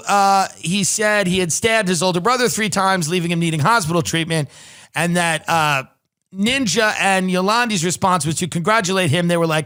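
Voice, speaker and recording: A man hosting a podcast, rambling through sardonic comedic commentary with halting restarts. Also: sits high, bright, forceful tone, clean tone. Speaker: podcast host.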